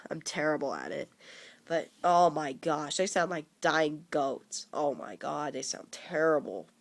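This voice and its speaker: A young man in his teens with a cold, rambling casually about movies he likes and dislikes, with frequent halting restarts. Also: fairly high pitch, expressive, creaky. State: coming down with a cold. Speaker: vlogger.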